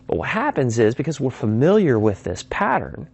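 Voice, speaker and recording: A sales trainer gives a conversational, instructional talk on persuasion, often stopping to act out sample phone calls in varied voices. His mid-range voice has huge pitch swings, normal speed, vocal fry, and a slightly mellow, husky tone, with the highs cut off.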